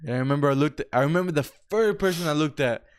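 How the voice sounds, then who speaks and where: A young man with a smooth, resonant voice tells stories in a loose, casual way. He swears a lot and keeps saying bro. He sounds laid-back and unhurried. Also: fairly high pitch, lively intonation. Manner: laid-back, profane, says bro often. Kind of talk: casual storytelling chat.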